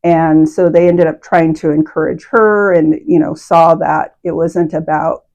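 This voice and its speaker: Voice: medium pitch, little pitch movement, unhurried, darkish tone. Casual panel speaker wrapping a story. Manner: casual, wraps up with a check-in question. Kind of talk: conversational storytelling.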